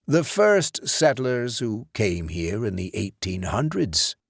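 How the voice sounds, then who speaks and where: A man voicing a courteous old grandfather who speaks slowly and formally. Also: fairly low pitch, sing-song, dry recording, studio quality, heavily acted. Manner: slow, gracious, formal.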